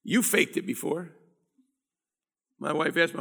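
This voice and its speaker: Animated gravelly male preacher. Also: fairly high pitch, measured pace, pauses often. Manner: animated preaching with audience call-and-response. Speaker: pastor. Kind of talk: sermon.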